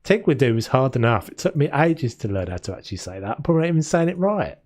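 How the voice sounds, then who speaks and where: Chatty male game streamer, lively pitch. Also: fast talker. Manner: rambling, chatty, talks to chat and laughs often. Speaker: live streamer playing a renovation game. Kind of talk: casual gameplay commentary. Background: faint game music.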